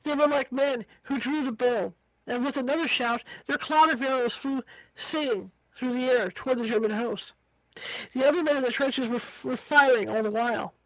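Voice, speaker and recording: A woman's voice: sits high, moderate pace, dry recording, poor audio. A woman reading a book aloud as an amateur reader, tripping over hard words and slipping in casual asides. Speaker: audiobook reader.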